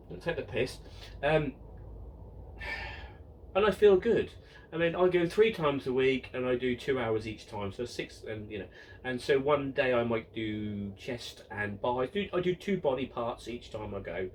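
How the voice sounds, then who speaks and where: A man's voice: medium pitch, lively intonation, moderate pace. Man, fifties, casual Q and A host, jokey, self-mocking, stop-start delivery, slightly distant mic, faint background noise. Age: 50s. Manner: jokey and self-mocking, many ums and restarts. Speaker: model railway channel host. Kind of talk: casual Q and A, reading out viewer questions.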